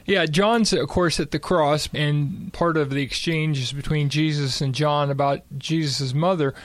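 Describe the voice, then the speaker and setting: A man discussing a Bible passage in a measured, explanatory way. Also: a little high, fairly even intonation, no echo. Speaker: Bible teacher.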